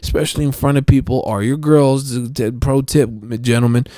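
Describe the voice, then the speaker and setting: A man's voice: medium pitch, steady tone, normal speed, mellow, dry recording, studio quality. A young man ranting on his solo podcast in a casual, profane, rambling way, often restarting his sentences. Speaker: podcast host.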